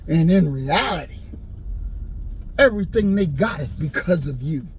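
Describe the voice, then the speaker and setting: A man delivering an impassioned, preachy rant and story, repeating his points and rising into shouts. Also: fairly high pitch, animated, a little slow, slight background noise, poor audio. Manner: preachy, repetitive, swings into shouting.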